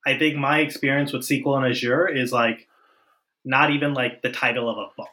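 A man co-hosting a casual tech podcast, self-deprecating and quick to laugh. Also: medium pitch, fairly even intonation, background noise. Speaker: podcast co-host.

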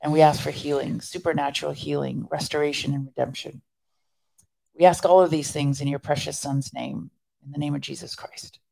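A woman's voice: sits low, little pitch movement, fairly quick, creaky, dark tone, low-quality recording. A woman co-hosting a faith podcast, chatting casually and praying aloud in a fervent, earnest way. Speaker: podcast co-host. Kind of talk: casual chat and spoken prayer.

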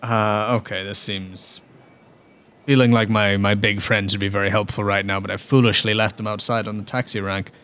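A man playing a tabletop game, phrasing his actions in a theatrical, deliberate way. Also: fairly low pitch, level tone, fairly bright tone, clean tone. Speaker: player. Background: background music.

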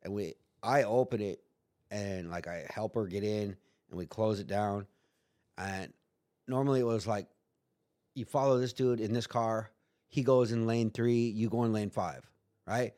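A man's voice: fairly low pitch, unhurried, pauses often, dark tone. A man telling a story in casual chat, rambling and profane, acting out quotes in put-on voices. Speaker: guest.

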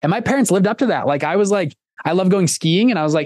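A fairly high-pitched young man speaks as a podcast guest, close to the mic in a dry, dead-sounding room. He tells stories casually, doubling back, restarting and padding with fillers as he goes. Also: lively intonation, quick pace, darkish tone, dry recording. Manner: rambling storyteller with many restarts and fillers.

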